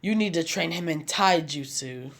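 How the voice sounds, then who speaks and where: A man's voice: fairly high pitch, moderate pace, fairly bright tone. A man voicing a pushy, hot-blooded martial arts teacher. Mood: brash. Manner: pushy, bossy. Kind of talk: fan fiction reading with voices.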